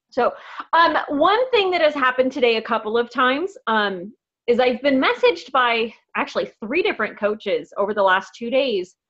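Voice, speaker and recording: A woman leading a casual team video call, bubbly and excitable, talking in a chatty, enthusiastic way. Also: on the high side, lo-fi sound. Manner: bubbly, excitable, quick to laugh. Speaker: team leader on a coaching call. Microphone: video call microphone.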